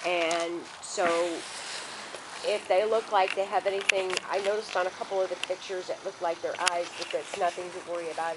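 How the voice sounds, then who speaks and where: A woman who breeds dogs, chatting casually about her puppies and cooing to them in soft baby talk. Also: fairly low pitch. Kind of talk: casual home video narration. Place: puppy play area. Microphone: handheld home video camera held by someone else. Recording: noisy home video.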